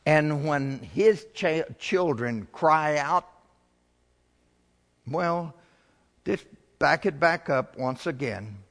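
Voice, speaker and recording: Slow, gravelly preaching man in a hall. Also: a little high, fairly bright tone. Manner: preaching with rising emphatic swells. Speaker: pastor. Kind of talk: sermon.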